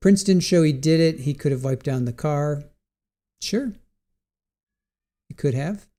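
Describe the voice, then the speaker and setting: This man runs a relaxed live stream of trial commentary, musing over testimony, starting sentences again, and responding to chat. He speaks at a measured pace in a mellow voice on the high side.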